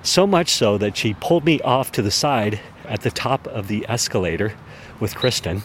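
A man with a fairly low voice spins a casual, animated story for his podcast audience. He chuckles now and then as he talks, with a faint hum of noise behind him. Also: moderate pace. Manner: animated, chuckling anecdote teller. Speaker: podcast host.

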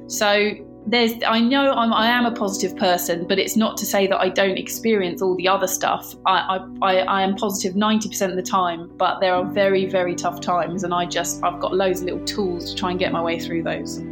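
A woman's voice: medium pitch, steady tone, normal speed, soft background music. A woman from Britain, a guest in an interview, telling stories in a chatty way with many restarts and laughs. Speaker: guest, barefoot runner. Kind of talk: animated storytelling interview.

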